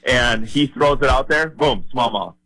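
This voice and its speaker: A man's voice: mid-range voice, unhurried, no room sound, low-quality recording. A man from Minnesota, a fishing guide, telling fishing stories in a casual podcast conversation with lots of fillers. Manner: storytelling, animated, lots of fillers.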